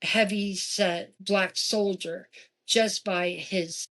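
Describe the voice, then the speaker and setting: Woman telling a ghost story. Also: very slow. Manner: animated, jumping in pitch for quoted voices. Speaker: guest. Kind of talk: casual storytelling.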